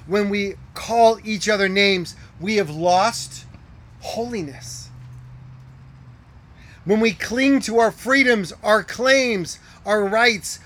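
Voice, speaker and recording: Male pastor, high voice, earnest sermon delivery, hushes for emphasis. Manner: earnest preaching with rhetorical questions, drops to hushed tones.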